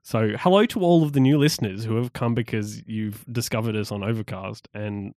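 A man hosting a podcast, chatting in an animated way with frequent stumbling restarts. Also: lowish voice, a little fast, no room sound, clean studio sound. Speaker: podcast co-host. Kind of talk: casual chat.

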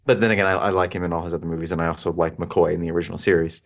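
A man's voice: deep voice, little pitch movement, racing. A man co-hosting a podcast, chatting casually, joking and stammering over repeated words. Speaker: podcast co-host. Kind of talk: casual chat.

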